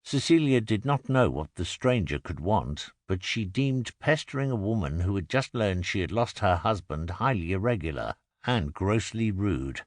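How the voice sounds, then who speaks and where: A man narrates an audiobook in a low voice that rises and falls with the story. His pacing stays measured and expressive. The recording is close and dry, from a booth. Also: no echo. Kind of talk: scripted narration. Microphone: close studio mic.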